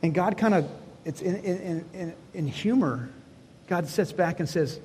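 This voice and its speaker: A pastor preaches unhurriedly in a high, warm voice in a large church hall, with slight background noise. He talks to the congregation conversationally, posing questions and acting out quoted lines from God and Moses in the story.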